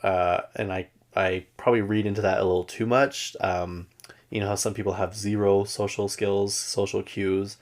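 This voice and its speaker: A man's voice: lowish voice, flat delivery, normal speed. A man hosting a podcast, chatting casually and gossipy as he recaps a reality show, laughing often. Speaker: podcast host.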